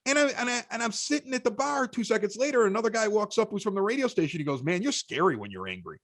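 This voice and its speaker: A man with a Chicago accent, a podcast guest telling stories in casual chat, animated and often stammering through restarts. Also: extremely high pitch, quick pace, no room sound. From Chicago, United States.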